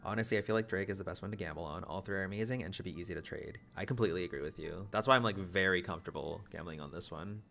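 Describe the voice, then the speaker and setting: A man streaming casually to his viewers, talking fast in rambling, run-on thoughts, sometimes stuttering, mumbling and repeating words. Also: low-pitched, creaky, bright, forceful tone, slight background noise.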